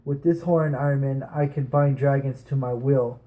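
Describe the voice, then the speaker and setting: A man's voice: mid-range voice, fairly even intonation, moderate pace, mellow, lightly acted, low-quality recording. A man voicing a boastful, ambitious pirate king in an amateur book reading, proclaiming grandly in his own voice.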